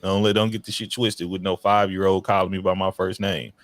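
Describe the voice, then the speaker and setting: A man casually telling stories as a podcast guest about his child welfare work, in an animated, slangy way. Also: fairly quick, no echo. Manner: animated, slangy, breaks into high excited quoted voices. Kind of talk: casual storytelling chat.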